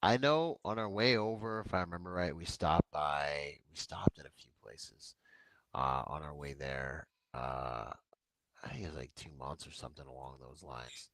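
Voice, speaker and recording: A man's voice: rumbling low, normal speed. A man, a military veteran, telling personal stories in a casual, rambling way with lots of fillers. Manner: relaxed, rambling war stories with filler words. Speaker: podcast guest, veteran. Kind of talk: casual storytelling.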